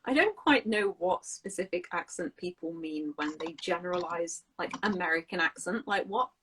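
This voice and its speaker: Blunt, good-humored woman teaching English, slightly low voice. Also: expressive, moderate pace, fairly bright tone, a little hiss or hum, low-quality recording. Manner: frank, blunt, laughs easily. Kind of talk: casual live chat.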